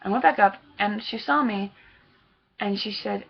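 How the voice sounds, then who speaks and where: Gushing young woman with gravelly voice, lo-fi. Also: mid-range voice, measured pace. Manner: excited, rambling, gushing. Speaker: fan vlogger. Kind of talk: casual chat recounting a concert meet-up.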